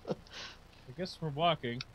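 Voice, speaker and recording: A man's voice: fairly high pitch, measured pace, a bit bright, lo-fi sound, slight background noise. A man playing a tabletop game, joking and laughing often with the group. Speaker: player. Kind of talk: casual tabletop game banter.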